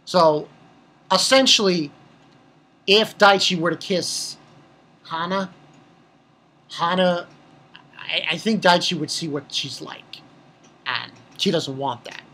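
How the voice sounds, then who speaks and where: A woman with a husky, somewhat breathy voice talks through an anime episode in a loose, unscripted recap. She rambles, swears freely and often trips over her own sentences before pressing on. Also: fairly low pitch, slow, pauses often, fairly bright tone. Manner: rambling and profane, with many restarts. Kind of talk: casual spoken episode recap.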